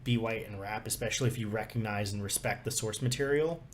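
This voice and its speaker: A man's voice: lowish voice, quick pace, slight background noise. A young man co-hosting a live podcast in casual chat, ranting bluntly with sarcastic, profane asides. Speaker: podcast co-host.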